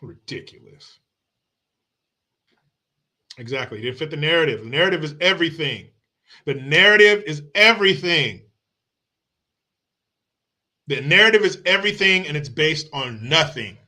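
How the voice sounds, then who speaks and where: A man's voice: fairly high pitch, expressive, normal speed, long pauses, pushed and bright. A man hosting a livestream, ranting about politics in a mocking, combative and profane way. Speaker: political commentary host. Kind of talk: casual political rant. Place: home streaming setup.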